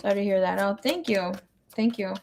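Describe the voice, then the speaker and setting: A woman tarot reader with a mid-range voice speaks briskly and casually on a live stream, reading viewer comments aloud and mixing Spanish words into her English. She sounds emotional and grieving, and there's background noise.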